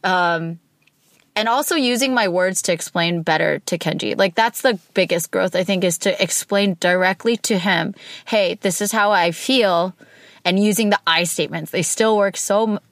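A woman with a fairly low voice chats candidly with her partner, animated and open. She acts out her own heated moments as she speaks, recorded dry and close. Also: normal speed, no room sound. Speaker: podcast co-host talking with her partner. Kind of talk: casual chat.

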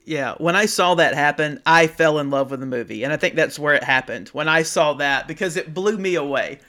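A man's voice: a little high, a little fast, bright, forceful tone. A man in his thirties, a podcast guest, chatting enthusiastically and agreeing often. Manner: enthusiastic, keeps agreeing, laughs. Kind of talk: casual chat.

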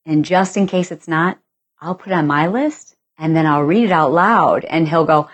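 A woman in her forties hosting a podcast, chatty and animated, casually talking through her routine and acting out bits of dialogue. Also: sits low, moderate pace. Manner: chatty, animated, acts out dialogue with playful exaggeration. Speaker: podcast host. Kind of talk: casual solo talk.

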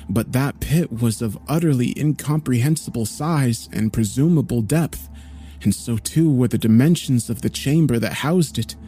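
A man narrating a horror story in a measured, grave storytelling manner. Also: mid-range voice, mellow, husky.

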